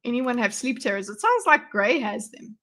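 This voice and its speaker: A woman's voice: fairly high pitch, sing-song, normal speed, pushed and bright. A woman hosting a casual livestream chat, laughing often and swearing freely. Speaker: streamer host.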